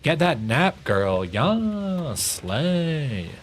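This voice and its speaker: A sassy, over-the-top cheerleader voice, as a man puts it on, squealing high praise with loud bursts. It jumps far above his usual low register. Faint game sounds sit under it. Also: sing-song, very slow, a little hiss or hum, exaggerated voice. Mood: gushing. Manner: high squealing camp hype.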